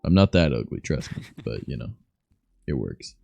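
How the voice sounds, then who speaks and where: A young man from Canada with a deep voice, chatting loosely and softly on his stream, swearing as he goes. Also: very animated, normal speed, creaky, lo-fi sound, soft background music. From Southern Ontario, Canada. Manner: soft-spoken, loose and swearing. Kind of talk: casual stream chat.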